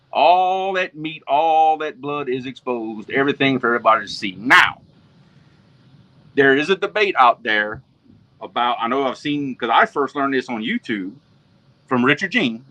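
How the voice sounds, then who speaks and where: A Southern-accented man from Louisiana hosts a casual fishing livestream, guiding viewers through every step in a folksy way. His mid-range voice sounds pushed and bright.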